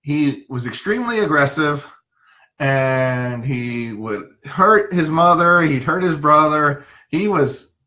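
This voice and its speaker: A man with a fairly high, bright, forceful voice tells stories from his practice as a psychologist in a loose, anecdotal way. He acts out the people he quotes and uses plenty of "um" and "uh" between thoughts. The recording sounds dull and a bit lo-fi. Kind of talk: casual storytelling talk.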